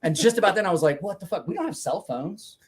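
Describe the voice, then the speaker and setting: Husky man telling rowdy stories. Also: sits high, lively intonation, quick pace. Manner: profane, rambling anecdote with laughs. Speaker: storyteller guest. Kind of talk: casual storytelling chat.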